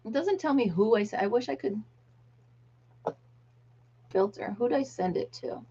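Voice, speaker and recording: A woman's voice: a little high, expressive, moderate pace, dark tone, a little hiss or hum. A middle-aged American woman hosting a casual live chat, reading viewer comments aloud and laughing often. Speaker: livestream host. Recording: dull lo-fi livestream audio.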